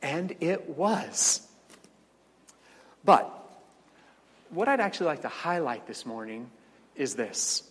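Slow-preaching man in a reverberant hall. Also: fairly high pitch, big pitch swings, slightly rough. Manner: storytelling, dramatic with wry asides. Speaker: pastor. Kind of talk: sermon.

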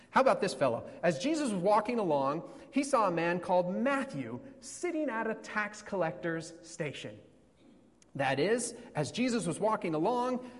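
Pastor guy preaching, really animated voice, lots of dramatic repetition, long reverb tail. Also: on the high side. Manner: dramatic storytelling, sweeping emphasis and repetition. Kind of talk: sermon.

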